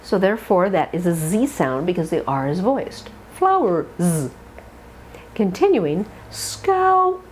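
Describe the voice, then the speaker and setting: Woman accent coach, very slow, hugely swooping pitch, drills words, faint background hiss. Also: big pitch swings. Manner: slow, drawn-out model words with coaching asides. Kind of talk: pronunciation drill lesson.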